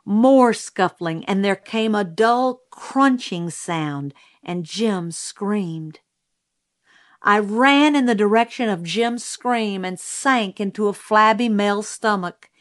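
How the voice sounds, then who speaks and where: Slow, measured woman audiobook narrator. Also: mid-range voice.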